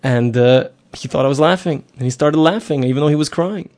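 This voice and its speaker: A man's voice: a little high, brisk, a little mellow. A middle-aged man giving a spoken Torah lesson, explaining earnestly, repeating himself and asking rhetorical questions. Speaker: Torah teacher.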